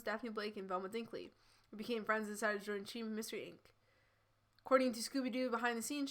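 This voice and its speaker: Woman, young adult, streamer, casual reading and commentary, chatty, self-interrupting, bright tone. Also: fairly high pitch. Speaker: streamer reading fanfiction aloud.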